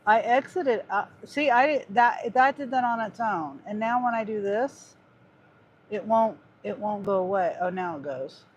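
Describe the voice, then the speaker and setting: Slow, sighing gig driver vlogging. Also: medium pitch, dull audio, slight background noise. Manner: exasperated, sighing, muttering at a glitching phone. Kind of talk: casual vlog talking to viewers.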